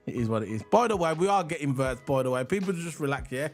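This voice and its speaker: A man's voice: a little high, lively intonation, fast talker, few pauses, faint music behind. A man co-hosting a casual livestream, chatty and rambling, hyping the chat and reading transfer news. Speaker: livestream co-host.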